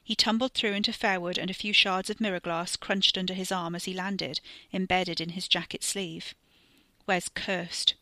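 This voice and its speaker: A woman in scripted narration, reading a horror serial in a measured way that slows for tension. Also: lowish voice, pushed and bright, no room sound. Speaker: podcast storyteller.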